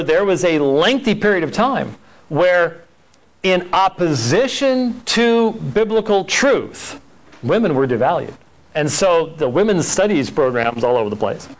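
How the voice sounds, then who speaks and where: A man teaching a Sunday school church history class in an emphatic, conversational way, often repeating words. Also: fairly high pitch.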